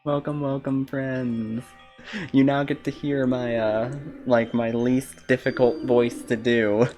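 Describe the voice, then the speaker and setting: Chatty game streamer, jokey and giggly, middle pitch, light background music. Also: flat delivery, slow. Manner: laughs often, joking, greets viewers. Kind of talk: casual live-stream chat while gaming.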